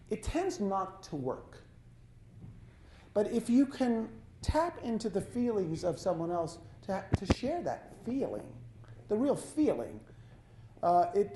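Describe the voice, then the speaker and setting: A man's voice: on the high side, darkish tone, a little hiss or hum. Guy doing a coaching talk in a lodge hall, stops and fixes his words a lot, sound bounces around the room. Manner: halting, self-correcting, conversational. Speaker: life coach giving a talk. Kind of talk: live talk to a small audience. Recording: echoey hall.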